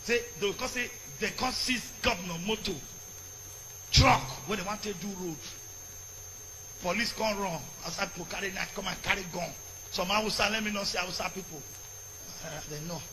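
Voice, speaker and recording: A Nigerian priest preaching a fiery sermon, shouting in bursts and slipping into Pidgin. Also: male voice, sits high, normal speed, a little hiss or hum. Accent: Nigerian, mixing in Pidgin. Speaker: Catholic priest. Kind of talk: impassioned sermon.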